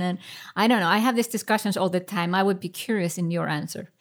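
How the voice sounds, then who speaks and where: A woman's voice: fairly low pitch, quick pace. A woman hosting a podcast, chatting casually, asking questions and chiming in. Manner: conversational, asks questions and chimes in. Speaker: podcast host.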